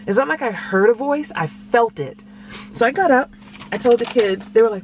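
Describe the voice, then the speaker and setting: A woman vlogger and single mother, telling a family story in a casual, animated way and sometimes acting out voices. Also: a little high, fairly quick, slight background noise. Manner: animated, acts out voices, laughs through the telling.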